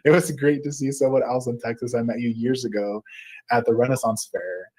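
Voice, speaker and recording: A man's voice: mid-range voice, steady tone, fairly quick, background noise. Man reading chat comments with laughs. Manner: warm, laughs often, reads with fillers. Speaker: host.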